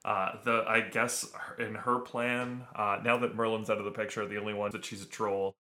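A man's voice: on the low side, flat delivery, normal speed, bright, forceful tone. A man co-hosting a podcast, recapping a TV episode in eager, rambling casual chat. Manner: eager, rambling, with many fillers and restarts. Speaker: podcast co-host.

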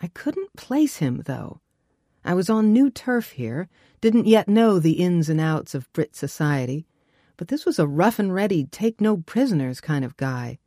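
Low-voiced woman narrating an audiobook. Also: sing-song, a little slow, warm tone, no room sound, studio quality. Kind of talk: first-person audiobook narration.

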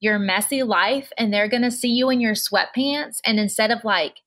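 A woman's voice: on the high side, normal speed, fairly bright tone. Earnest, chatty woman host. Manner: earnest, encouraging, many filler likes. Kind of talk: casual chat.

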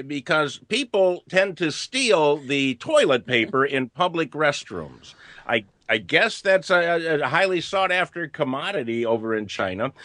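A man's voice: on the high side, sharp tone, dry recording, clean studio sound. Chuckling man hosting a jokey podcast. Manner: chuckling, jokey, stumbling restarts. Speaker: podcast host. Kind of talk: comedic news chat.

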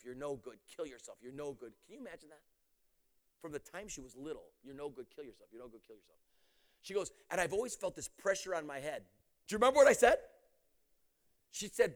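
A middle-aged man preaching a sermon, telling stories with animated swings from loud exclamations to hushed intensity. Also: fairly high pitch. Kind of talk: sermon storytelling.

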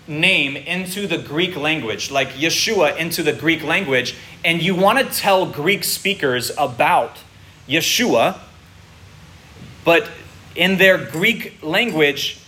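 A man's voice: on the high side, sharp tone. A man preaching to his congregation, explaining patiently and checking in with his listeners. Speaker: pastor teaching a congregation. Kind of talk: sermon. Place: congregation room.

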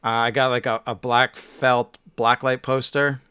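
A man's voice: mid-range voice, flat delivery, unhurried, sharp tone, clear, resonant tone, no echo, studio quality. A man co-hosting a podcast, telling a rambling story in casual chat with lots of fillers and restarts. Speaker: podcast co-host.

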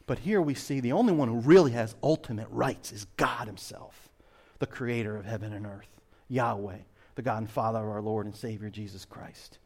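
A man preaching a sermon as pastor, swinging between loud emphasis and hushed asides. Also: fairly low pitch, normal speed.

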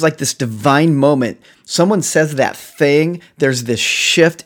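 Male pastor, mid-pitched, animated sermon delivery with light laughs and acted-out dialogue. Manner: animated, chuckling, retelling dialogue in character.

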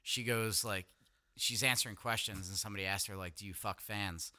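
Rambling man with a bright, sharp voice. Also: lowish voice, steady tone, a little fast. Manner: rambling, filler-heavy anecdotes, laughs at himself. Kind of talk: casual chat.

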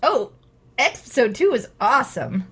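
A woman's voice: on the high side, very animated, normal speed, over a noisy crowd. A woman hosting a podcast in casual chat, giggly and teasing her co-host and guest.

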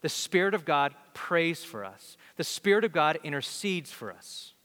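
Bright-voiced preacher in a reverberant hall. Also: male voice, a little high, normal speed. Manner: animated, conversational, many restarts. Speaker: pastor. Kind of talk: storytelling sermon.

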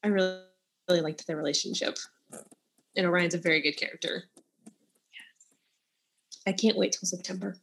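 A woman with a low, slightly husky voice chats casually as a podcast co-host. She is amused and laughs often as she talks about books. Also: steady tone, normal speed, long pauses.

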